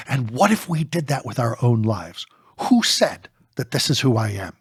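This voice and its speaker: A man co-authoring a book, talking in an animated way in a podcast discussion and firing off rapid rhetorical questions. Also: medium pitch, husky, no echo, studio quality. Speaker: co-author and speaker.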